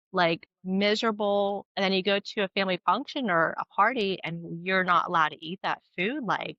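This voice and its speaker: This is a lo-fi, dry recording of a woman fitness coach at medium pitch, talking on a podcast through earphones on a video call. In a relaxed chat, she tells lively stories and acts out quotes from her clients.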